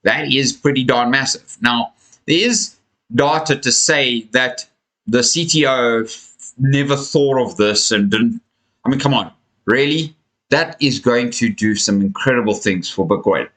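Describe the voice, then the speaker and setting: Man, live-stream host, tired, yawning, casual market commentary, mid-pitched, chatty, stretches words. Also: measured pace, fairly bright tone, rough recording. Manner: chatty, addresses viewers as friends, stretches words for emphasis. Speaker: crypto livestream host. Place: home room with a fan running.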